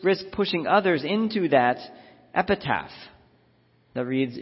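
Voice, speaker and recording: A man's voice: fairly high pitch, animated, measured pace, pauses often, husky. A man giving a sermon as a minister, reflective and repeating phrases for emphasis. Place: church sanctuary. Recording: dull lo-fi audio in a reverberant sanctuary.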